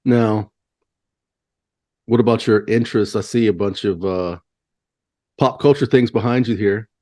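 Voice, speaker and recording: Guy with a low voice hosting, asking friendly curious questions. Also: unhurried, mellow. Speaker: podcast host, interviewer. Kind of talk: conversational interview questions.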